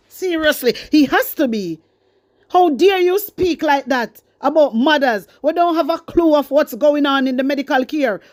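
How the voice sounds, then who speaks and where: A woman's voice: sits high, dry recording, clean studio sound. A woman with a Jamaican accent giving fiery, scolding news commentary, repeating herself for emphasis. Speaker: commentary host.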